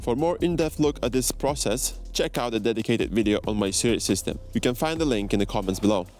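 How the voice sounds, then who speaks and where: A man's voice: mid-range voice, animated, fast talker, darkish tone. A man narrating a voice-over on his farmhouse renovation, explaining each step plainly with slightly non-native phrasing. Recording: faint music behind.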